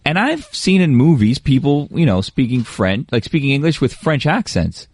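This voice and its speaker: A man's voice: mid-range voice, sing-song, moderate pace, darkish tone, no room sound. A man chatting casually on a radio show, rambling with lots of fillers and slang.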